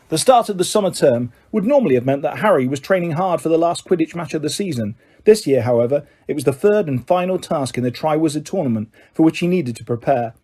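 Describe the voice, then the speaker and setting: Mellow male audiobook narrator. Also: on the high side. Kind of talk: scripted narration.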